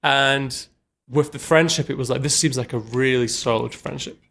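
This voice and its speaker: Young guy from norway, film director, rambles with lots of "like", mid pitch, relaxed casual chat. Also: normal speed, creaky. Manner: rambling, heavy use of "like", chatty and self-deprecating.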